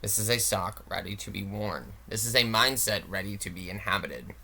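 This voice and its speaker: Bright-voiced man ranting casually. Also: fairly low pitch, moderate pace, creaky. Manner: sarcastic, swears, reads text aloud then mocks it.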